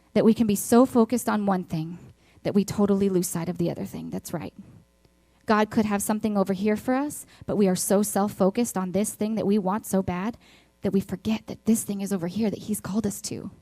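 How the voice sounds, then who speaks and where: A woman with a Texas accent preaches to an online congregation. She tells personal stories earnestly and leans on repetition for emphasis. Her voice sits at a middle pitch and sounds dry and close. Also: fairly quick, dark tone, no echo. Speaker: church speaker.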